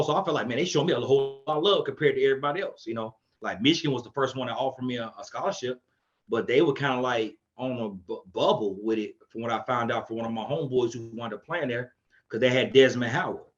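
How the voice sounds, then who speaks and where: Guy telling old football stories, gets loud doing other people's lines, kinda muffled lo-fi audio. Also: mid-range voice, quick pace. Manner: animated, acts out quotes in a raised voice. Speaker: podcast guest, coach. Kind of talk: casual storytelling chat.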